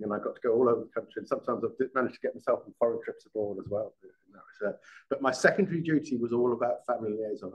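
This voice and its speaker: Halting middle-aged male lecturer. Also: fairly low pitch, slightly rough, muffled recording. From England. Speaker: guest lecturer, former police detective. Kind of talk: live classroom lecture.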